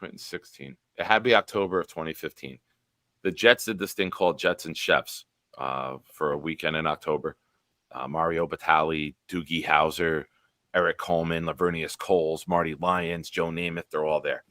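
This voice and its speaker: A man in his forties, a show host telling a profane, animated sports story with quoted dialogue. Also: a bass voice, moderate pace, dry recording.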